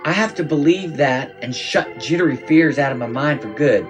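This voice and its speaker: Guy doing a southern housewife reading her diary, slow drawl, wistful and earnest, mid-pitched, music going behind. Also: lightly acted. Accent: Southern US, put on. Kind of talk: dramatic reading of a diary entry.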